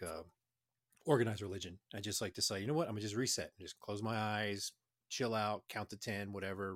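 A man's voice: on the low side, no room sound, clean studio sound. A man in casual podcast chat, talking in a laid-back, reflective way and swearing casually.

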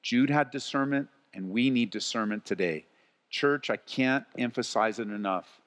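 A man preaching a live church sermon as pastor, moving between quiet earnest passages and rising, loud exhortation. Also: medium pitch, moderate pace. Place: church sanctuary. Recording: long reverb of a large hall.

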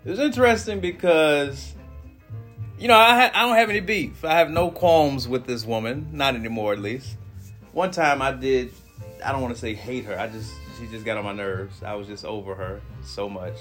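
A man's voice: mid-range voice, moderate pace, faint music behind. A man hosting a podcast, telling a story in casual chat, swearing freely and bringing the people in it to life. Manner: animated storyteller, swears a lot, does friends' voices in quotes. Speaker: podcast host.

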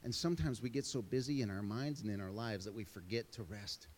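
A man's voice: on the low side, brisk, darkish tone, in a large hall. A middle-aged man preaching a sermon as pastor, telling stories with self-deprecating asides.

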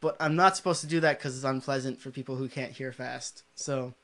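A man's voice: medium pitch, brisk. A man co-hosting a casual podcast chat, joking and swearing freely. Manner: joking, profane, animated. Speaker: podcast co-host.

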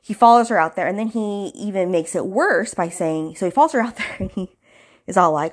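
A woman's voice: medium pitch, expressive, a little fast. A woman podcast host casually recapping a novel's plot, full of "like" and "you know" fillers, with indignant asides. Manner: chatty, filler-heavy retelling.

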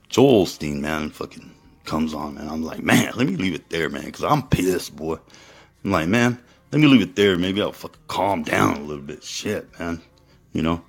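Brief: gravel-free but husky guy, deep voice, rambling, crude and emphatic. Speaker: storyteller. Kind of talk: profane casual monologue to viewers.

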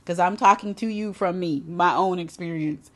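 This self-help speaker has a fairly low voice and talks at an ordinary pace. Delivering a motivational self-love talk, she is emphatic and chatty, repeats points for emphasis, tosses in casual asides, and uses lively character voices for quotes she recounts.

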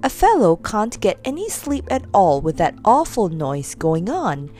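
A woman's voice: medium pitch, huge pitch swings, unhurried, a little mellow. Moonface, a round-faced toffee-loving fellow, read by a woman. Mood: grumpy. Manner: blunt, bargaining. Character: round-faced cheerful male tree dweller, toffee-loving. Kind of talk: storybook reading.

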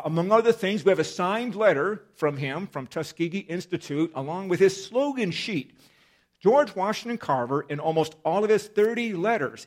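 A man giving a folksy, conversational talk as a visiting ministry speaker at a church service, speaking into a microphone and addressing the congregation directly. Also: high voice. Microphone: microphone at a lectern.

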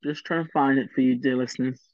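A man hosts a solo political history podcast, rambling through chatty, opinionated asides. His voice sits at a middling pitch and comes across dry and close, with a slightly dull, muffled top end. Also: fairly even intonation, fast, a little mellow, no room sound. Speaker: podcast host.

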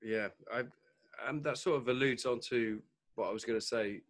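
A man hosting a podcast, chatting in a relaxed, easygoing way. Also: mid-range voice, moderate pace. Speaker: podcast host. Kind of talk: casual podcast chat.

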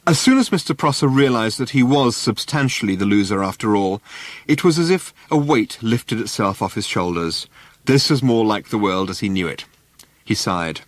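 A man narrating a comic story in a measured, dry storytelling manner. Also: lowish voice, lively intonation, no echo. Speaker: audiobook narrator. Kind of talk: scripted narration.

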